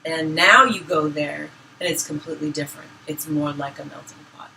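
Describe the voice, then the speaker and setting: A woman from Boston telling personal stories in casual conversation, getting lively when she quotes people. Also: low-pitched, moderate pace. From Boston, Massachusetts. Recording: roomy, from some distance, clear background noise.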